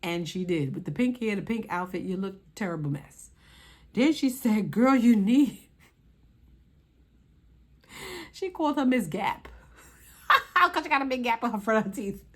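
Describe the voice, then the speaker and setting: A woman's voice: medium pitch, lively intonation, unhurried, pauses often. A young woman hosting her channel and reviewing a reality show in casual, sassy talk, exclaiming and scolding the cast directly.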